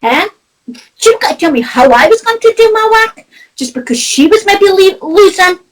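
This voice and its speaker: A woman's voice: very high voice, lively intonation, moderate pace, low-quality recording. A Scottish woman, a spiritual medium, chatting casually and animatedly, laughing often. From Scotland. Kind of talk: casual chat.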